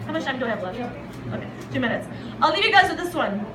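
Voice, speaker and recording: A woman's voice: high voice, big pitch swings, fast, background noise. A young woman doing crude, blunt stand-up at a bar open mic. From half Palestinian, half Lebanese family. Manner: crude, blunt, punchy storytelling. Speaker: stand-up comedian. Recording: echoey room, faint crowd ambience.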